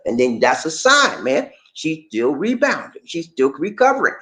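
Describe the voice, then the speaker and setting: Animated man giving relationship advice. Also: a little high, moderate pace, echoey room, poor audio. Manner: animated, repetitive, talks straight to the viewer. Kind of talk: casual advice monologue.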